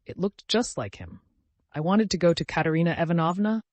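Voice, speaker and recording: A man's voice: a little high, lively intonation, a little fast, darkish tone, no room sound, pitched above the performer's own voice, close to an everyday voice. A man voicing a timid, devout young woman who speaks in an earnest, pleading, distressed way.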